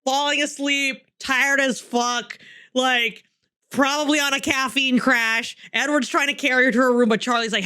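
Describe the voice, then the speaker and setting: High-voiced laughing woman podcaster. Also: moderate pace, sharp tone, clean tone. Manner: laughing, playful, swears freely. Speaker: podcast co-host. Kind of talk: casual book-club chat.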